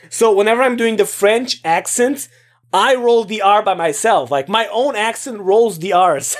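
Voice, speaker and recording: A woman streamer giving casual, chatty commentary while playing a game. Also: mid-range voice. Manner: chatty, giggly. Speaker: gaming streamer. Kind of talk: casual let's-play commentary. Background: game music.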